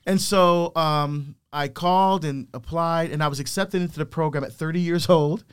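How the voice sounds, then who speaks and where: With a clean, somewhat high voice at normal speed, a middle-aged man tells his life story as a guest. He is a deacon, and he acts out the voices of the people he quotes with lively flair.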